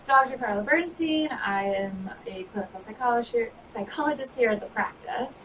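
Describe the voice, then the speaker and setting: A woman co-host with a slightly high voice, brisk and supportive. She is distant from the mic, with a faint hiss behind her. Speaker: co-host, psychologist. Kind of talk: casual chat on a live broadcast. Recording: from far off, faint noise.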